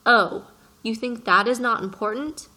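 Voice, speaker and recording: A woman's voice: mid-range voice, unhurried, fairly bright tone. A woman voicing an earnest little boy prince who presses his questions with passion in an audiobook reading. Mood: impassioned. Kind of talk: audiobook character voice.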